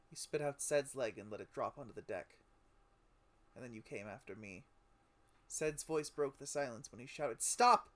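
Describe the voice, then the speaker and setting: Man giving a dramatic story reading. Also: medium pitch. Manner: emotive, with sudden loud outcries on names. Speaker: streamer reading a game story aloud. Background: music.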